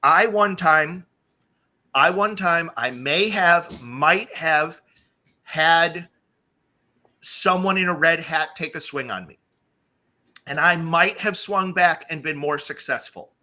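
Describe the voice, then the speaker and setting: A man hosting a casual live stream, telling stories with lively acted-out quotes. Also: on the high side, takes it slowly, long pauses. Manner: animated storytelling, acts out quoted voices. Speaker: streamer host.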